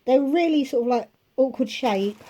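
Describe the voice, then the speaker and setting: A woman with a slightly high but mellow, warm voice talks through a grocery haul in her home kitchen. She chats casually and keeps wandering into asides. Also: normal speed, slight background noise. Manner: rambling, with chatty asides. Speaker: vlogger showing a grocery haul. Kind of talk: casual chatty haul video.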